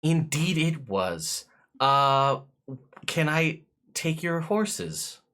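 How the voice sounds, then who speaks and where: Man playing a nervous stammering footman, voice lifted well above his own and slow, fumbling and apologetic. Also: fairly high pitch, sing-song, a bit bright, voice pushed up, full character voice. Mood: polite. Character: flustered polite male human footman. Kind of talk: voicing a character in a tabletop game.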